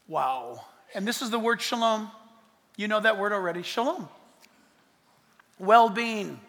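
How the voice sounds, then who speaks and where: A high, bright-toned man preaches a sermon with lots of energy. He swings from loud bursts to near-whispers and slips in jokes along the way. His voice rings through a large hall with a long echo. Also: unhurried. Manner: animated, swings from loud to hushed, joking asides. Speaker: pastor.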